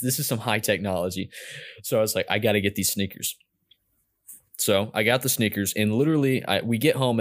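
A young man telling a story in casual chat, rambling and self-mocking with lots of fillers and restarts. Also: on the low side.

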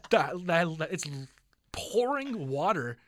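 A man's voice: sits high, big pitch swings, takes it slowly, a bit bright, no echo, clean studio sound. A young man co-hosting a podcast, telling a rambling, profanity-laced story in a casual chat. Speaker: podcast co-host.

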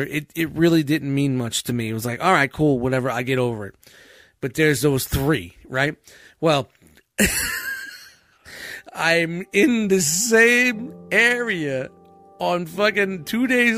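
A man's voice: fairly high pitch, a little slow, dry recording, faint music behind. A man telling a story in a casual podcast chat, swearing freely and often breaking into laughter. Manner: profane, animated, laughs often mid-story.

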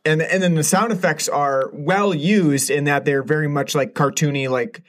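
A man's voice: on the high side, fairly even intonation, moderate pace. A man co-hosting a casual film review chat, rambling with many fillers and restarts. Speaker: podcast co-host reviewing a film.

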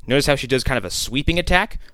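A man with a smooth, clear voice sarcastically picks apart a film's scenes, sounding exasperated. The recording is dry and close-miked. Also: medium pitch, lively intonation, quick pace, a bit bright, no echo. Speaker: podcast co-host. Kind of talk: casual movie-recap chat.

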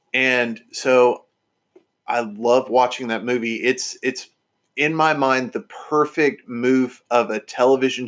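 A man hosting a podcast, chatting casually and enthusiastically with lots of fillers and restarts. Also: medium pitch. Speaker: podcast host.

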